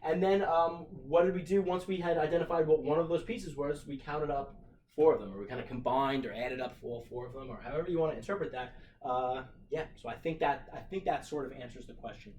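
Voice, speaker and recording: A man's voice: fairly high pitch, brisk, a little mellow, a little hiss or hum. A middle-aged man, a teacher, talking through a math problem for his class, thinking aloud with plenty of fillers and restarts. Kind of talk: recorded math lesson walkthrough.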